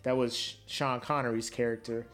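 A man's voice: mid-range voice, little pitch movement, fairly quick, fairly bright tone, soft background music. A man co-hosting a podcast in casual chat, joking and slangy, laughing often. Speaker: podcast co-host.

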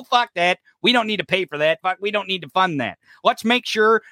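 Middle-aged male podcast host, sarcastic profane ranter, high bright voice. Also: moderate pace, hardly any pauses, no echo, studio quality. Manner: angry, swearing, sarcastic. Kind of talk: profane political rant.

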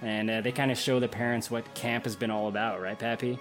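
A man's voice: medium pitch, steady tone, brisk, music in the background. A man co-hosting a casual movie podcast, talking loosely with many fillers and casual swearing. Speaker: podcast co-host.

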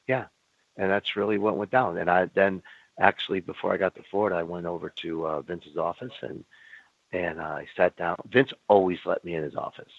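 Speaking low and steady with some vocal fry, an aging ex-wrestler gives blunt, candid stories as an interview guest. He swears and performs both halves of old arguments in brisk back-and-forth. The phone-like recording is dry, with no room sound.

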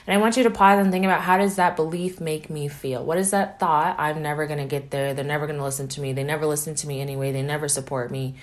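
Woman life-coach host, deep-toned, casual reflective solo podcast talk. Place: at home early morning, keeping voice down.

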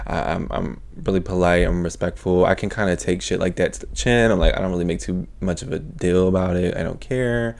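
Young guy with a low voice ranting on his podcast, cussing a ton, super animated. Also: a little fast, creaky, few pauses. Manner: profane, animated, swears constantly. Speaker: podcast host. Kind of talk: casual storytelling rant.

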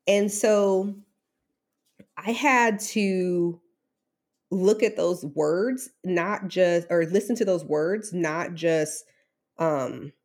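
Interview guest: woman, thirties, low gravelly voice, candid and emotional. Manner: candid, emotional, many fillers and restarts. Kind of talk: personal story in an interview.

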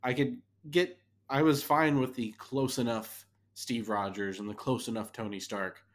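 A man's voice: medium pitch, fairly even intonation, normal speed. A man co-hosting a podcast. He talks casually and candidly about a show he watched, often restarting his sentences. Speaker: podcast co-host. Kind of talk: casual chat reviewing a show.

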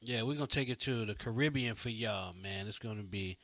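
A man's voice: fairly low pitch, a little fast, fairly bright tone. A man hosting a casual online radio show, laid-back and slangy, laughing easily. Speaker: host.

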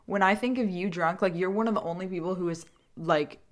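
Chatty young woman, teasing questions. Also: fairly low pitch. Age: young adult. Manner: chatty, teasing, quick to laugh, lots of "like". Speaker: host. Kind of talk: casual chat.

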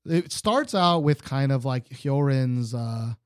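A man's voice: mid-range voice, animated, slow, no room sound, studio quality. A man co-hosting a casual music review chat, opinionated and rambling, with lots of fillers. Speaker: podcast co-host.

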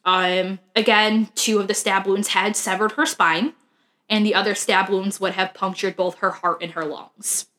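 A woman hosts a true crime podcast in a loose, conversational way. She tells the case with plenty of "um" and "like" fillers. Her voice is bright and forward. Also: medium pitch, fairly even intonation, normal speed. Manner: chatty, laughs often, fillers like "um" and "like". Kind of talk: casual true crime chat.

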